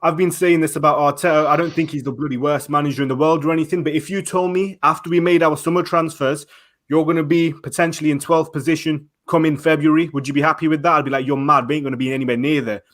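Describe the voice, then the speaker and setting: A man with a somewhat high voice argues his point in a casual debate. He rants with heat and frustration, stacking up rhetorical questions as a fan pundit. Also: steady tone, fast.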